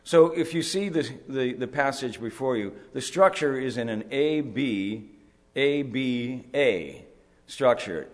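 A male pastor preaching a sermon at a conference, explaining scripture deliberately and building to emphatic rises. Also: medium pitch. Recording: long hall reverb.

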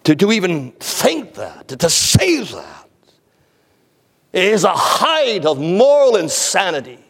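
A man's voice: high-pitched, huge pitch swings, slow, gravelly, breathy edge, big-room sound. A man preaching an expository sermon, emphatic, repeating words for stress and often stammering on the first word.

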